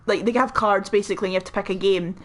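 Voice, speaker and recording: Woman, gaming co-host, casual chat, rambling explanations, lots of fillers, mid pitch. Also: steady tone, very fast. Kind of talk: casual chat during gameplay.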